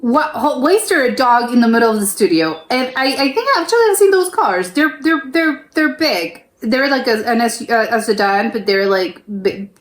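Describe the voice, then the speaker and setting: A woman's voice: fairly high pitch, animated, normal speed, hardly any pauses. Chatty American woman in an echoey room. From United States. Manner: chatty and hesitant, full of "like" and restarts. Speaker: reaction video host. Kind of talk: casual reaction commentary.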